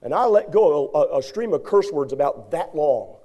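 Brief: male preacher with a high voice, folksy and animated as he tells a story from the pulpit. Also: moderate pace. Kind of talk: sermon with a personal story.

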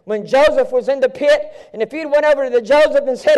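At a live event, a man preaches a sermon with a fervent, repetitive cadence, swinging from hushed near-whispers to shouts. His voice is very high-pitched and fast.

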